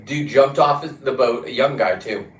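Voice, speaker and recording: A man's voice: mid-range voice, normal speed, fairly bright tone. Blunt, cursing man in a roomy space. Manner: blunt and profane, with frequent restarts. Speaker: diver and fishing vlogger. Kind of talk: casual rambling monologue. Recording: roomy echo.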